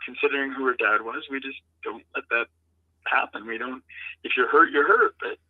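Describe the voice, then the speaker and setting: Middle-aged man, guest founder, earnest and halting, tinny dry call-in line. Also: medium pitch, no room sound. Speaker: guest, founder of an adaptive lacrosse program. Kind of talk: interview storytelling. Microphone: remote call-in.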